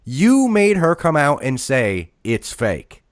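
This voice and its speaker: A man's voice: a little high, huge pitch swings, slow pace, no room sound, studio quality. A man co-hosting a wrestling podcast, ranting mockingly and calling out a critic by name. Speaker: podcast co-host. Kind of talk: casual podcast rant.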